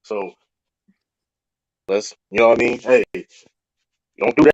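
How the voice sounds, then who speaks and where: A man with a deep voice in a heated panel debate, talking loud and repeating himself defensively. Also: steady tone, takes it slowly, creaky, a loud crowd. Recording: dry, dull lo-fi sound.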